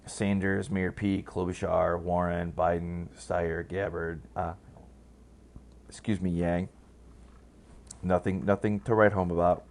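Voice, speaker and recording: A man's voice: deep voice, little pitch movement, slow, pauses often, darkish tone, a little hiss or hum. A man giving casual, rambling political commentary, blunt and profane, full of fillers and restarts.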